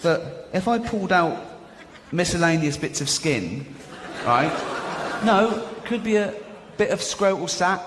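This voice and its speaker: A man's voice: on the high side, big-room sound, background noise. A man doing a stand-up comedy routine, chatty, full of rambling asides and "you know what I mean".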